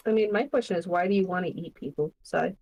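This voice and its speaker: A woman's voice: lowish voice, quick pace, a little mellow, dull audio. A young woman streamer playing a tabletop game, bantering in a teasing, casual way. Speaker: player and streamer.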